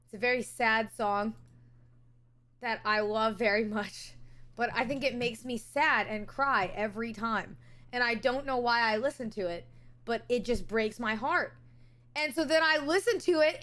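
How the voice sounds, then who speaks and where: A young woman streaming, chatting casually with viewers and telling stories in an animated, incredulous way. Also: on the high side. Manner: animated storytelling, incredulous rants.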